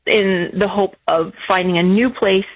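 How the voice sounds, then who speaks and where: Woman radio caller, halting and emotional, husky voice over a muffled phone line. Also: mid-range voice, steady tone, dry recording. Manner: emotional, halting, many restarts.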